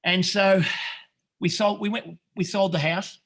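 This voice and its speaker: Middle-aged aussie bloke, raw and earnest, swears a lot, keeps restarting sentences, voice sits a bit high. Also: male voice, fairly even intonation, measured pace, fairly bright tone. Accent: Australian. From Australia. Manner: earnest, swears freely, calls people mate; rambling with many restarts. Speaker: podcast guest, retreat founder. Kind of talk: emotional storytelling.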